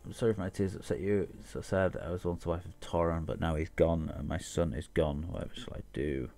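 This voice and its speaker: A man reading aloud the lines of a grieving widowed weaver who runs a shop, in a plain low voice. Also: steady tone, brisk, dark tone. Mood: sorrowful. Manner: reads dialogue aloud plainly.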